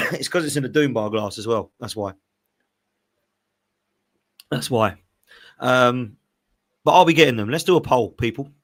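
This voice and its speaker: A man's voice: mid-range voice, unhurried, long pauses. Opinionated man ranting on football. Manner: opinionated, emphatic, rants with rhetorical questions. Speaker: podcast host. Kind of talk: casual live-stream football chat.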